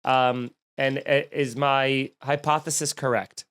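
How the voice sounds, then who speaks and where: A man hosting a comedy podcast, telling stories in a snarky, rambling, animated way. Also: mid-range voice, takes it slowly, smooth. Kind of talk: casual comedic rant.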